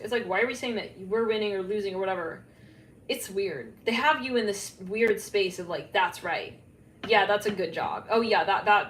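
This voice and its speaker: Woman tarot reader, loose rambling delivery, roomy echo, faint hum behind. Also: a little high. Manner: rambling, filler-heavy, laughs at herself. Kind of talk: casual psychic tarot reading to camera. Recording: echoey room, faint background hum.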